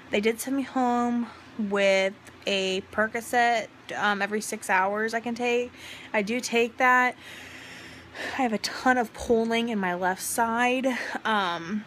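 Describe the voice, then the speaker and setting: A woman's voice: fairly high pitch, steady tone, a little slow, a bit bright, a little hiss or hum. A young woman in a casual vlog, recording on a handheld phone at home and talking frankly while in pain after surgery, rambling and swearing casually. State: in pain, burping. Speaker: vlogger. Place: home, indoors.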